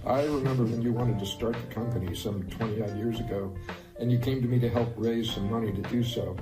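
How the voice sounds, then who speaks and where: Guy reminiscing warmly, echoey room. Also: fairly low pitch, steady tone, fairly quick, music in the background. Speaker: early supporter who helped raise money. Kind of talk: casual video message.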